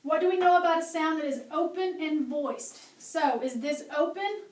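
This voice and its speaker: High-voiced female teacher who quizzes patiently and models each sound, recorded from a distance in an echoey classroom. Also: moderate pace. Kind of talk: classroom phonics and handwriting lesson. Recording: echoey room, mic far off, faint hum.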